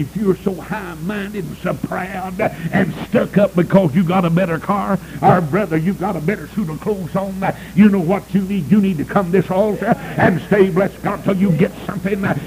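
A man preaching a revival sermon, breaking into sudden high shouted cries and saying "uh" before nearly every phrase. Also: a little hiss or hum, poor audio.

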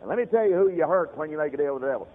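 A male preacher delivering a fiery, storytelling sermon, calling out to his congregation directly. His voice sits high, and the sound is thin and tinny, like a radio broadcast. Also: expressive, very fast, big-room sound.

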